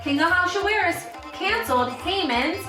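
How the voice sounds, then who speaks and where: A woman's voice: very high voice, animated, moderate pace. A woman reading a children's holiday story aloud as storyteller, playfully prompting listeners to cheer and boo. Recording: roomy sound from a distant mic, music behind.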